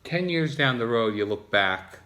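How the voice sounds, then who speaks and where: A man's voice: medium pitch, lively intonation, unhurried, bright, forceful tone. A man with a New Jersey accent talking in a casual, rambling vlog monologue, often restarting and repeating himself. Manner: repetitive, frequent restarts. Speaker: vlogger.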